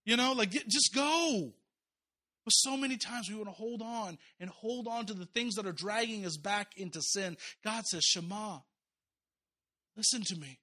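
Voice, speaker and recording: A man's voice: high-pitched, normal speed. A man in his thirties preaching a sermon, telling stories and voicing the people in them. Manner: animated preaching with voiced quotes and asides. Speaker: pastor.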